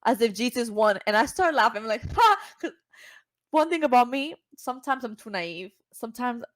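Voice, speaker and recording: A woman from Cuba, a singer and podcast guest, telling a story casually and acting out the voices she quotes with big jumps in pitch. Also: lively intonation, a little fast, dry recording, clean studio sound.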